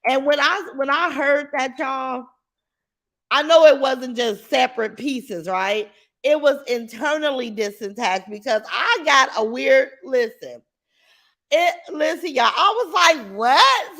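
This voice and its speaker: A woman hosting a casual live stream, talking to viewers with lively exclamations. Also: sits high. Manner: animated, exclaims and repeats, addresses viewers as y'all. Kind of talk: casual live-stream chat reading comments.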